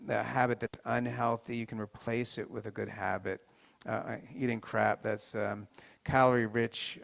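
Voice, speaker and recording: A man giving an informal health talk to a live group, halting with many restarts and turning to the audience with questions. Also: on the low side, gravelly.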